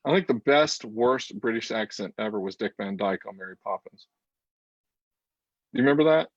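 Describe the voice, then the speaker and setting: Animated, rambling man on a video call. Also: on the low side, normal speed, no room sound, dull audio. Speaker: co-host. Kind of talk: casual chat.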